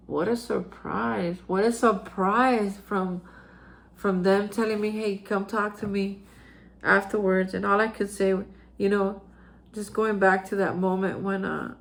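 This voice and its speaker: An earnest woman in a mid-pitched voice tells a personal story as host of a recovery reflection. She speaks with feeling, circling back with fillers and restarts as she goes. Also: creaky.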